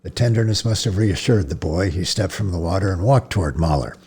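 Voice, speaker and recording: A man reading a novel aloud as narrator, measured, with occasional slips and restarts. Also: sits low, darkish tone, breathy edge. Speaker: audiobook narrator.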